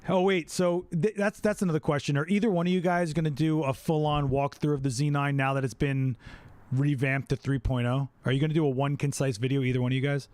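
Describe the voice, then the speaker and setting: A man hosting a casual live-stream chat about photography. He talks in a chatty, animated way with quick asides. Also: fairly high pitch, no room sound.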